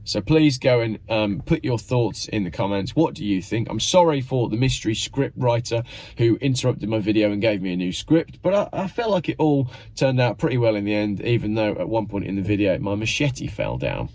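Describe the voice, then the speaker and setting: A man's voice: on the low side, lively intonation, a little fast, darkish tone. A man hosting his own channel, giving sarcastic, mock-exasperated commentary. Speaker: channel host.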